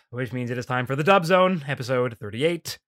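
Animated, profane man recapping a cartoon. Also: mid-range voice, moderate pace. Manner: animated, profane, laughing, mock-quoting characters. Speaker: podcast host. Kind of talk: casual chat recapping an anime.

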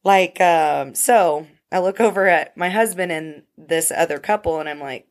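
A woman's voice: fairly low pitch, normal speed. A woman telling a story in a casual podcast chat, blunt and profane. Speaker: podcast co-host.

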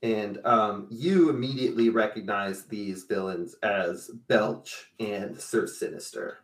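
A man's voice: fairly low pitch, slow pace, roomy sound, far from the mic. A man running a tabletop superhero game as game master, chatty and upbeat with many fillers.

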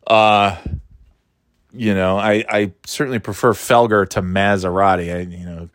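A man in a casual sports talk, swearing freely and rambling, with frequent laughs and lively jumps in pitch. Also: a little slow, no room sound, studio quality. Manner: profane, rambling, animated, laughs often.

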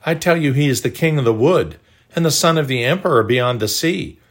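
A man's voice: medium pitch, expressive, fairly quick, close to an everyday voice. A man voicing a stern male talking beaver from a storybook, speaking emphatically.

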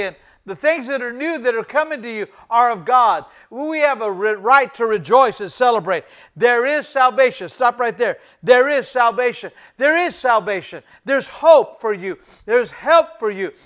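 Middle-aged preacher guy, real high voice, keeps hammering the same lines over and over. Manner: emphatic, repeats key phrases for emphasis; addresses the congregation as ladies and gentlemen. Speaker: pastor. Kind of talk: sermon.

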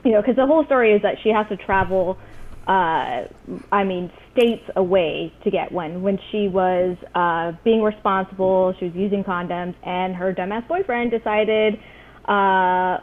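A woman's voice: mid-range voice, moderate pace. Woman on a tinny, phone-like line. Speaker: podcast co-host. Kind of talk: casual chat.

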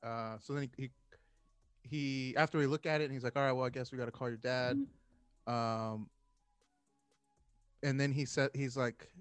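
A man in his thirties tells a personal story in a relaxed chat. He slips into the voices of the people he quotes and keeps laughing. His voice sits in a middle register and is recorded close and dry, with no room sound. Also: medium pitch, no echo. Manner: animated storyteller, acts out quotes, laughs often. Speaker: podcast co-host telling a story.

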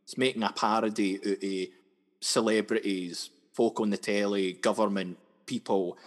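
A young man from Scotland's West Coast, a sketch comedian, chats casually as an interview guest, often repeating words and restarting. His voice sits on the low side with little pitch movement and a normal pace. The recording carries a long hall reverb.

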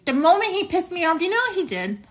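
A woman's voice: very high-pitched, very animated, fast, faint music behind. A young woman hosting a podcast, telling a personal story in a blunt, indignant monologue with plenty of swearing. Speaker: podcast host.

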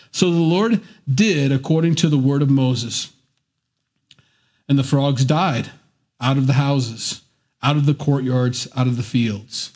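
A man's voice: fairly high pitch, husky. A man preaching a sermon, reading scripture and breaking off for casual, joking asides. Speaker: pastor.

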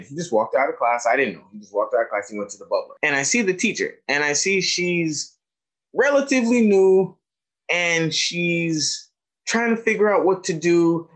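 Man, mid-pitched voice, lecturing teachers and acting out the stories he tells. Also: poor audio. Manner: animated storyteller acting out dialogue. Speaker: educator giving a talk on trauma.

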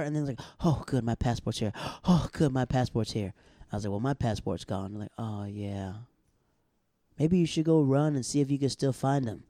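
A man's voice: medium pitch, mellow, no room sound, clean studio sound. A man chatting casually as a podcast co-host, telling a story animatedly, acting out other people's lines and laughing often. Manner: laughs often while talking. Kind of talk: casual chat.

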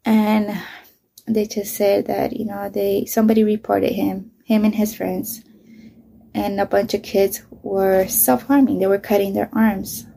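A woman's voice: mid-range voice, level tone, measured pace, creaky, warm tone, a little hiss or hum. A middle-aged woman, a mother, candidly telling a painful personal story, swearing often and sometimes dropping to a whisper.

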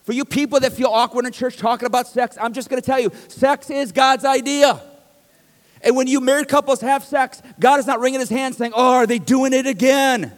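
A man's voice: extremely high pitch, steady tone, brisk, in a large hall. A middle-aged male pastor preaching a sermon in a conversational, joking way that rises to emphatic bursts, in a church. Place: church sanctuary.

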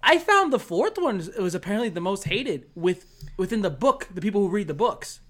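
A man's voice: high voice, very animated, fairly quick, a bit bright. A young man in his twenties, chatting animatedly as a podcast guest. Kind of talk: casual chat.

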